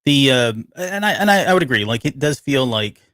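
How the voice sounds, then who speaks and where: A man of middle pitch co-hosts a relaxed live podcast chat, thinking aloud in long loose runs and trailing off as he searches for words. His voice sits close and dry on the mic, with no room sound around it. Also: a little fast, no echo. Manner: rambling, often loses the word he wants. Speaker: podcast co-host. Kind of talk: casual live TV-show breakdown chat.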